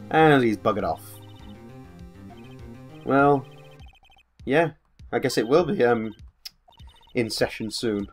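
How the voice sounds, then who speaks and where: A man's voice: medium pitch, slow pace, long pauses, soft background music. Sardonic man commentating a game. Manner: sardonic and rambling, with frequent swearing. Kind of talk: let's-play commentary.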